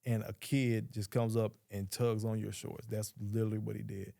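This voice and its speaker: Gravelly low man telling a story. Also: little pitch movement, normal speed, dark tone, dry recording, studio quality. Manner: blunt, profane, quotes others in dialogue. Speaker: podcast guest. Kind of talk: casual storytelling.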